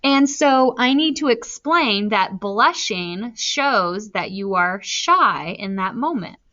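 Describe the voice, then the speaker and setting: A woman teacher talking slowly and deliberately through a recorded reading lesson, spelling out her answers as she writes them. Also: medium pitch, expressive, bright, forceful tone. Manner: slow, deliberate, spelling out answers while writing. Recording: slightly dull lo-fi recording.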